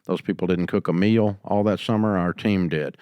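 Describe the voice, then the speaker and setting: An older man hosting a business advice show, answering a caller in a folksy storytelling way and going quieter when he quotes people. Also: low-pitched, steady tone, normal speed, clean tone, dry recording, dull audio. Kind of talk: call-in advice talk.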